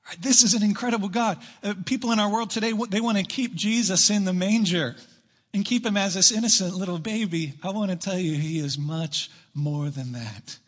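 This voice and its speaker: A man preaching a sermon to his church, emphatic, rushing through asides and slowing down to stress key lines. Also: sits high, fairly bright tone. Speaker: pastor. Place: church sanctuary.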